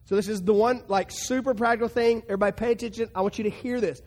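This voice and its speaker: High-voiced preacher with hall reverb. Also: male voice, steady tone, fast talker. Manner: emphatic, swings from hushed to loud bursts. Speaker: pastor. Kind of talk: sermon.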